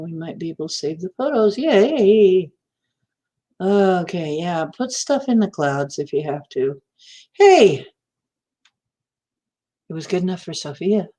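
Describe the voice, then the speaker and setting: With a lowish, mellow voice, a woman hosts a livestream and chats casually with those watching. Laughter comes often, and she greets viewers by name.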